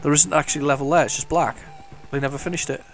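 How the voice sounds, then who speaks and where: A man's voice: fairly high pitch, steady tone, very fast. Chatty man commenting on gameplay. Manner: chatty and enthusiastic, rambling with many restarts; hums the game tunes along. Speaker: retro gaming video host. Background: faint retro game music.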